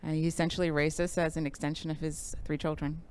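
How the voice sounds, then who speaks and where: Low-voiced, smooth-toned female guest. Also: flat delivery. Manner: soft-spoken, halting with many fillers. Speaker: talk show guest. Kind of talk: casual interview.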